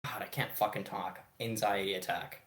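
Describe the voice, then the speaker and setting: Bright-voiced young man, casual and profane. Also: on the low side, steady tone, roomy sound. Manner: profane, quick-laughing, self-interrupting. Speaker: podcast co-host. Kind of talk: casual chat.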